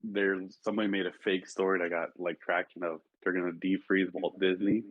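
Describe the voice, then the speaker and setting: Husky low-voiced man on a dull mic. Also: little pitch movement, fairly quick, dry recording. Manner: storytelling, acts out quotes. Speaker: co-host. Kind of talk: casual chat.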